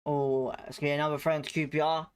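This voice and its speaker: A man hosting a live football watchalong who calls the play with excitable reactions and greets chat viewers by name between moments of the match. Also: fairly high pitch, rapid-fire, clean tone. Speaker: watchalong host.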